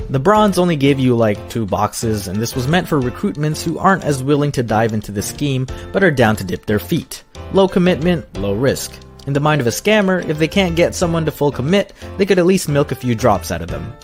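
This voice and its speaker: A man in his thirties narrating a personal story in a sarcastic, self-mocking way. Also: medium pitch.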